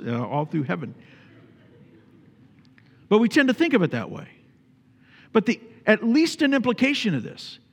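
A man's voice: sits high, long reverb tail. A man preaching a sermon as pastor, emphatic, repeating phrases for stress and putting questions to his congregation.

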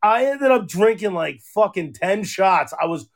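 Dude with a high gravelly voice, cussing and rambling thru stories on a podcast. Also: male voice, lively intonation, measured pace. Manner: profane, rambling storyteller, acts out quoted voices. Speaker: podcast co-host. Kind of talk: casual chat.

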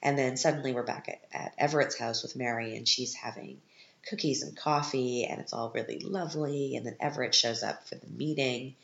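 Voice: mid-range voice, fairly even intonation, brisk, vocal fry, a bit bright, echoey room, dull audio. A podcast host giving a casual, sarcastic recap of a film, sounding exasperated with it.

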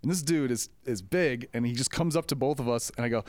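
Man, mid-pitched, animated storyteller acting out voices; dry close podcast mic. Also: fast talker, no echo. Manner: animated storyteller, acts out quotes, laughs often. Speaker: podcast co-host, comedy club staff. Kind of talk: casual storytelling chat.

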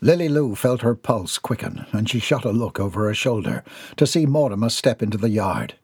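A man's voice: on the low side, big pitch swings, moderate pace, a little mellow, slightly rough, no room sound. A man narrating a comic novel as an audiobook reader. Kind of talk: scripted narration.

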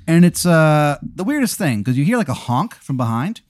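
A man hosting a podcast, telling an improvised absurd story in an animated, deadpan way. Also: a little high, moderate pace, no room sound, studio quality. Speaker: podcast host.

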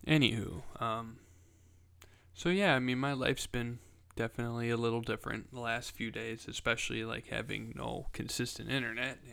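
Young male podcast host, self-mocking and profane, smooth voice at a mid pitch. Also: steady tone, normal speed, a bit bright. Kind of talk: casual solo podcast chat.

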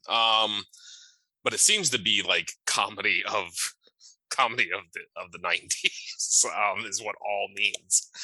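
A man with a very low voice talks loosely on a podcast, piling up fillers and tossing in curse words. His tone is bright and edgy, and the sound is dry and close with almost no room echo. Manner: rambling, filler-heavy, swears casually. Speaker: podcast co-host. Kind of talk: casual chat.

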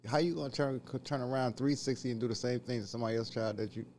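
A man who is a guest on a podcast, speaking in a halting, colloquial way with many restarts. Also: mid-range voice, steady tone, a little mellow, a little hiss or hum. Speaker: podcast guest, predator catcher. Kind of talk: casual podcast conversation.

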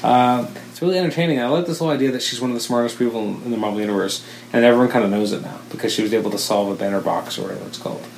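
Talking very fast in a gravelly, middle-pitched voice, a man co-hosting a podcast rambles through a relaxed chat, correcting himself with enthusiasm. The sound carries a roomy echo, faint ambience, and a bit of hiss or hum.

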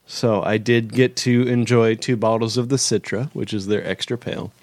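A man's voice: medium pitch, fairly even intonation, normal speed, dry recording, studio quality. A man co-hosting a casual beer podcast, talking in a hesitant, rambling way. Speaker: podcast co-host. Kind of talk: casual chat.

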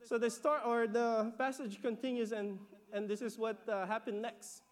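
High-voiced animated male preacher. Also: moderate pace. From Philippines. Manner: animated, repeats words, acts out voices of disciples; laughs between points, asks "okay?". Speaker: pastor. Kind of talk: sermon.

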